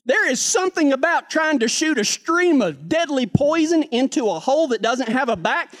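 A man's voice: very high voice, fairly bright tone. A man preaching a sermon, telling a joking, folksy cowboy story.

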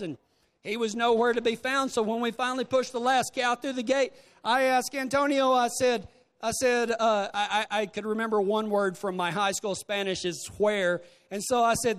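A man preaching a sermon to a congregation, telling folksy stories in an animated way. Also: extremely high pitch. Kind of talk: sermon with storytelling. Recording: long reverb of a large hall.

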